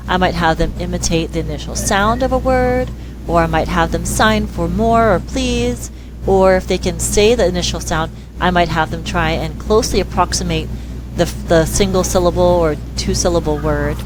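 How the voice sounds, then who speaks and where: Woman speech therapist chatting in an interview, animated, noisy hum behind her. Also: on the low side, normal speed. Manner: lively, acts out quoted dialogue in voices. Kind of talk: conversational interview.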